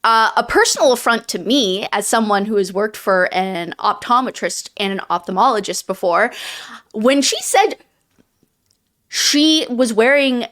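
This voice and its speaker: Chatty woman podcaster, kinda high pitched, lots of likes and ums. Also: unhurried. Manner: animated, critical, lots of fillers. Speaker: podcast co-host. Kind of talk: casual book review chat.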